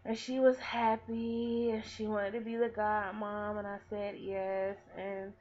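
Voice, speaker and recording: A woman's voice: medium pitch, little pitch movement, measured pace, darkish tone. A woman in her twenties telling a personal story in a vlog, earnest and rambling, with lots of "like.". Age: 20s. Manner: earnest, rambling, heavy use of "like". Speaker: vlogger. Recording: tinny phone-like audio.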